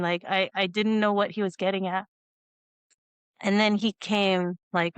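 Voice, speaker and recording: A woman hosting a podcast, telling a personal story in a casual, animated way and acting out the dialogue. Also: mid-range voice, a little slow, clean tone, dry recording, muffled recording. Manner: animated, acts out quoted dialogue with lots of "you know". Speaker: podcast host.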